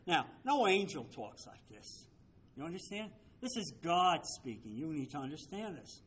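Man, Bible study teacher, higher voice, emphatic, keeps asking listeners if they understand. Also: very animated, moderate pace, fairly bright tone, slight background noise. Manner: emphatic, asks listeners rhetorical questions.

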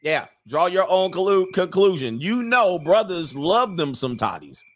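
A man's voice: high-pitched, very animated, measured pace, a bit bright. A man doing comedic reaction commentary, sarcastic and laughing often.

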